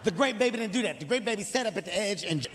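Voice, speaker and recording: Brief: male stand-up comic, high voice, rapid profane storytelling, live hall reverb. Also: slight background noise. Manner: animated, profane storytelling with acted-out quotes. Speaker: stand-up comedian. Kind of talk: stand-up comedy. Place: theater stage before an audience.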